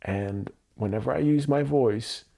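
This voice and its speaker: Male livestream host with a mellow, gravelly voice, reflective and open. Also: mid-range voice. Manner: slow, candid, searching self-reflection. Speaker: EFT tapping livestream host. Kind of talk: personal reflective livestream talk. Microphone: livestream mic.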